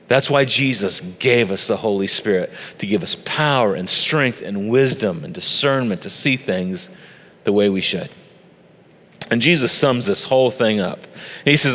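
A man's voice: mid-range voice, animated, moderate pace, fairly bright tone, in a large hall. A middle-aged male pastor preaching a sermon on a church stage, conversational and personal, into a stage microphone.

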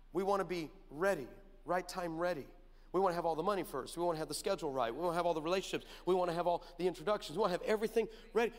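A young male preacher with a high, bright voice delivers a lively sermon, swinging from loud storytelling into quiet, low asides. He keeps asking the room whether they follow him. His voice rings out with a long reverb, as if in a large hall. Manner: animated storytelling with asides to the crowd.

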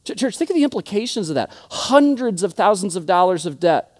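A man's voice: high voice, big pitch swings, brisk. A young adult man preaching a sermon, telling stories earnestly and often restarting his words. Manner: earnest storytelling with repeated restarts. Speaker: pastor.

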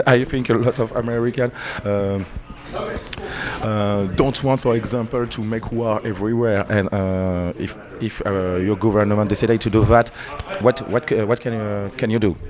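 A man from Haiti with a French accent, a musician speaking halting English in a casual interview. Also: on the low side, a little mellow. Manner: halting, searching for English words, laughs often. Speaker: band musician.

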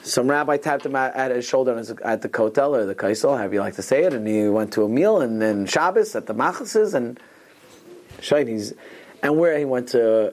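Guy giving a laid-back torah class, rambling stories, lots of restarts and hebrew words, mid-pitched voice. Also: darkish tone. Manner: digressive storytelling with Hebrew and Yiddish terms; frequent restarts and asides. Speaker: Torah teacher.

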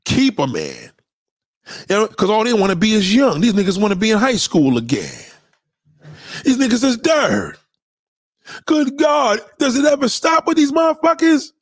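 A man hosting a livestream, ranting loudly and profanely and mocking people with quoted voices. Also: high-pitched, very animated, moderate pace, pauses often, no room sound, clean studio sound. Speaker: livestream host.

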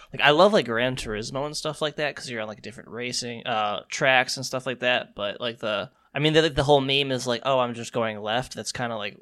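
A man's voice: medium pitch, fairly bright tone. A man co-hosting a podcast in casual banter, blunt and swearing often, on a call. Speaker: podcast co-host, card store worker. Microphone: phone or remote call.

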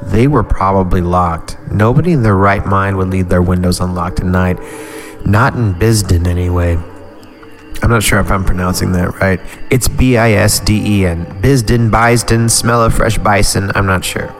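A man's voice: sits low, moderate pace, faint music behind. A male podcast host reading a horror story aloud, breaking off into rambling, irreverent comic asides.

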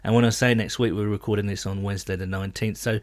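A man hosting a podcast, chatting casually and filling pauses with "um" and "uh". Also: lowish voice. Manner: relaxed, chatty, frequent fillers. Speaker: podcast host.

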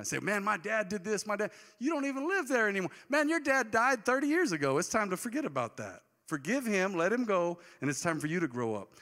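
A man in his forties preaches a sermon from the pulpit, mixing jokes and casual asides with sudden bursts of emphasis. His voice is bright and sits a bit high. The sound carries the long echo of a church hall. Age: 40s. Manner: conversational, joking, with bursts of emphasis. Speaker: pastor.

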